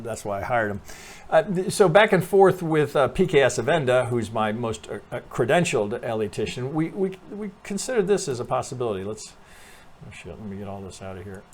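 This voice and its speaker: A medium-pitched man, recorded with a little hiss or hum, walks viewers through trading charts on his channel in a loose, profane monologue. He keeps restarting and correcting himself, tags lines with "right?", and coughs now and then from allergies.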